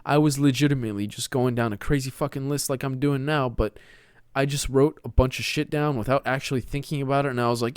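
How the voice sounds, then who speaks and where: A man's voice: mid-range voice, steady tone, fast, clean tone, dry recording, clean studio sound. A young man from Texas hosting his own podcast, talking alone in a loose, rambling way, full of "dude" and "man", now and then slipping into a showy put-on voice. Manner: rambling, slangy, keeps saying dude and man. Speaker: podcast host. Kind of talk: solo casual monologue.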